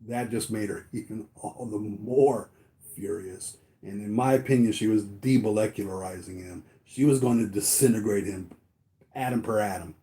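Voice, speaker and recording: A man's voice: fairly low pitch, moderate pace, dark tone. A man talking casually to his viewers, rambling with many fillers and restarts. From United States. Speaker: toy collector vlogger.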